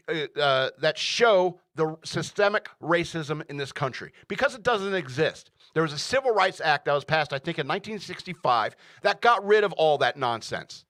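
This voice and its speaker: A man's voice: a little high, animated, moderate pace, few pauses, a bit bright, dry recording, studio quality. Emphatic male talk radio host. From United States. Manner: emphatic, repeats "all right?". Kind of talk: opinionated solo commentary.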